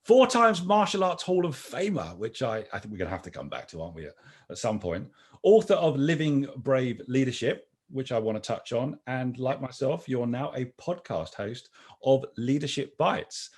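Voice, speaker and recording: A man's voice: mid-range voice, big pitch swings, moderate pace, darkish tone, husky. A man hosting a podcast, welcoming his guest with chatty, teasing banter. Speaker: podcast host. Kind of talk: conversational interview.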